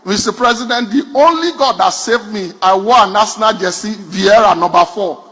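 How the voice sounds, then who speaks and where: A man's voice: high voice, normal speed, hardly any pauses, fairly bright tone, breathy edge. A Nigerian man performing a stand-up comedy routine. He tells punchy stories straight to the audience. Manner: addresses the audience directly, punchy storytelling.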